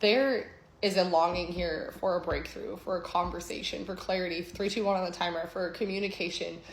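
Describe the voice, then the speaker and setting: A woman's voice: fairly low pitch, steady tone, brisk. A woman giving an intuitive tarot reading, with a flowing, reflective delivery that often checks in with "okay?". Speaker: tarot reader. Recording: echoey room, faint background hum.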